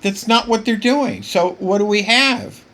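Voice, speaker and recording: A man's voice: high-pitched, a little slow, bright, forceful tone. A man hosting a political podcast, delivering impassioned commentary that keeps getting worked up, with frequent stumbles and repeated words. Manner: emphatic, gets worked up.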